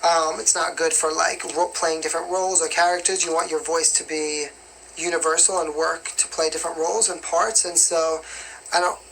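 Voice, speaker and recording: Chatty young New York man, bright voice. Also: on the high side, little pitch movement, normal speed, gravelly, slight background noise, low-quality recording. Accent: light New York. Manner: chatty and rambling, with constant "you know what I mean". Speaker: livestream host answering viewer questions. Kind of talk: casual live Q&A chat.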